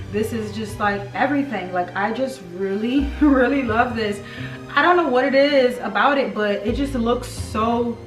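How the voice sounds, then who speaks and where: Gushing woman, echoey room. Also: medium pitch. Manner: gushing, enthusiastic, chatty. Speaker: home decor vlogger. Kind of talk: casual haul vlog. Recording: echoey room, mic at a distance, music behind.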